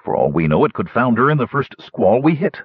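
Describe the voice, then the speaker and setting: A man voicing an earnest, cautious young male knight who talks in a firm, measured way. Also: mid-range voice, very animated, husky, no echo, phone-quality sound.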